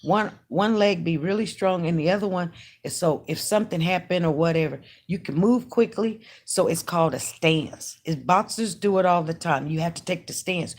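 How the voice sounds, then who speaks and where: A woman's voice: medium pitch, moderate pace, darkish tone. A woman who runs an online news channel, chatting emphatically and casually to her viewers as she tells a story. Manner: chatty, emphatic, talks straight to her audience.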